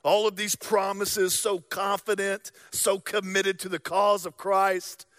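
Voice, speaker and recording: A young man preaching a sermon, telling stories and acting out voices, swinging from loud to hushed. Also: high-pitched, level tone, slow pace, no echo, studio quality. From American South. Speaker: pastor.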